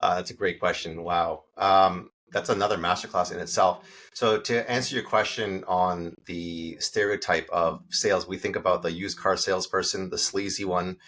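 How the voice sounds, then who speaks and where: Brief: middle-aged man, low husky voice, sales coach guest, lively storyteller. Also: normal speed. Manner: animated storytelling, acts out quoted dialogue. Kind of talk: casual interview talk.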